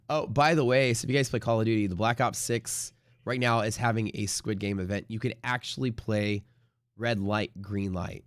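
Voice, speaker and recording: A man hosting a live day-trading stream, rambling casually with lots of swearing and sudden loud bursts of mock trader shouting. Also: lowish voice, moderate pace, no room sound, clean studio sound.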